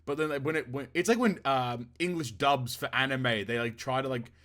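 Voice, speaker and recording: A man's voice: medium pitch, brisk. A young man co-hosting a casual podcast chat, telling a story with lots of laughter and acted-out quotes. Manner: animated storyteller, acts out quotes, laughs often, swears. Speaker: podcast co-host.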